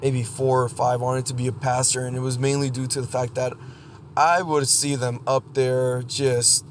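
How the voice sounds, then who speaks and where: A man hosting a solo podcast monologue, blunt and profane, halting and restarting as he talks. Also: mid-range voice, little pitch movement, slight background noise. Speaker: podcast host.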